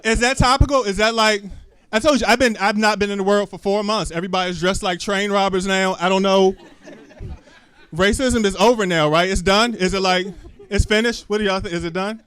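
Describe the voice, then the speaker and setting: A man's voice: high voice, fairly even intonation, brisk, a bit bright, clean tone. A man doing a live stand-up set on a club stage, talking loosely into a handheld mic, cussing freely and peppering the crowd with questions. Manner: loose, chatty, asks the crowd lots of questions, cusses freely. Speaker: stand-up comedian. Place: small comedy club stage.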